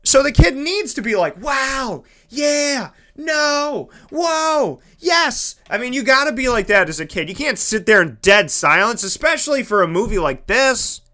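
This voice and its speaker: Bright high-voiced excitable man. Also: fairly quick, hardly any pauses. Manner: animated, emphatic, dramatic voice swings. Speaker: broadcaster and entertainment show host. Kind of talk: excited casual monologue.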